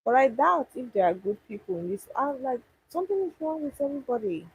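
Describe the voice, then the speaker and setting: A woman's voice: high voice, sing-song, quick pace, narrow, tinny audio, slight background noise. A young woman chatting casually with viewers on a livestream, thinking aloud and restarting her sentences. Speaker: livestream host answering viewers. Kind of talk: casual live chat.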